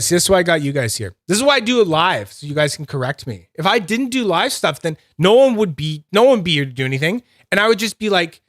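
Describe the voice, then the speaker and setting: A man's voice: on the high side, fairly bright tone, no echo, studio quality. Rambling Canadian man on a livestream. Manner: rambling, self-mocking, laughs often. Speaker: livestream host reviewing fidget toys. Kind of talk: casual livestream chat.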